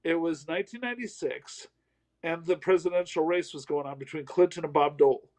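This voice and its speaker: A man's voice: a little high, fairly quick, a little mellow, rough recording. A middle-aged man from the American South, a comedian telling a self-deprecating story in a casual interview. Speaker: comedian guest.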